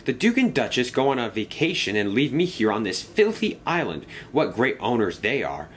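A man's voice: medium pitch, huge pitch swings, normal speed, a little hiss or hum, voice pushed up. A man voicing a proud, rude male express engine who talks in a snooty, cross way. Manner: snooty, cross and self-important.

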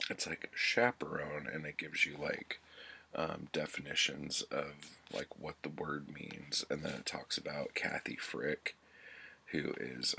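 A man's voice: extremely low pitch, gravelly, bright, forceful tone, slight background noise. A man giving a casual book review, loose and chatty, with lots of filler words and free swearing.

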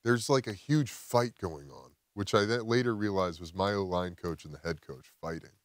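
A man, a podcast guest, telling a personal story outdoors in casual chat, animated and swearing freely. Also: sits low, moderate pace, dry recording, studio quality. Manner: animated, swears a lot, acts out quotes. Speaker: podcast guest, former football player.

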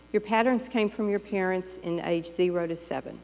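A woman's voice: on the low side, normal speed, a little mellow, long reverb tail. A woman pastor giving a sermon in a conversational, playful way, acting out the voices of everyday thoughts. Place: church sanctuary.

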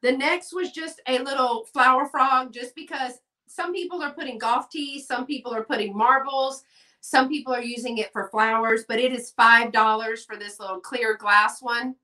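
A woman's voice: fairly high pitch, fairly even intonation, normal speed, bright, forceful tone, recorded from a distance. A woman, hosting a live sale in a chatty, folksy way and talking to viewers in the chat. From Texas. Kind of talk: casual live-stream selling chat.

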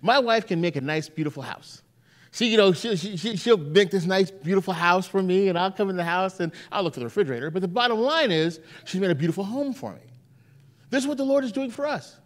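A male preacher with a high voice that leaps up and down as he tells stories from the pulpit. He stumbles and restarts often, repeating words as he works toward his point. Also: fast talker, big-room sound. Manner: animated storytelling with repeated restarts. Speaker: pastor. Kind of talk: sermon. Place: church sanctuary.

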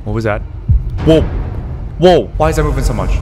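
A man playing a horror game, giving jumpy, excitable let's play commentary straight to his viewers. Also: mid-range voice, fairly quick, a little hiss or hum. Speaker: gaming YouTuber. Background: faint game music.

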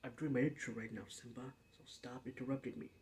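A man's voice: mid-range voice, fairly even intonation, fast talker, darkish tone. A young man hosting a gaming playthrough, casually signing off and flubbing playful intro retakes. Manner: playful, laughs at his own flubbed intro takes. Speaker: gaming channel host. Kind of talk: casual let's-play outro and blooper takes.

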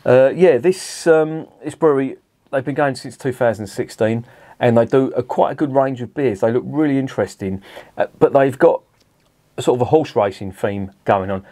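A man's voice: medium pitch, normal speed, warm tone. Sweary, rambling middle-aged man. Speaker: beer reviewer. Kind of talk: casual beer review to camera.

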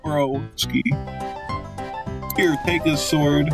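Goofy, slow-talking young gamer man. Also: medium pitch, over loud music. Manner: goofy, excitable, jokey trash talk. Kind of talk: let's play commentary.

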